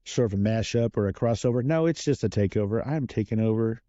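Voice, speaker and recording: A man taking over as interviewer on a casual podcast, talking in an energetic, joking and playful way. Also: lowish voice, quick pace, dry recording, muffled recording. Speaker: guest interviewer.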